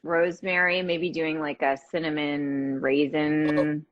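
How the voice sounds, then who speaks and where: A woman's voice: low voice, flat delivery, takes it slowly. Chatty woman on dull livestream audio. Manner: chatty, laughing, swears casually. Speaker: guest. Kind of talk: casual chat. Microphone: phone on a live video call.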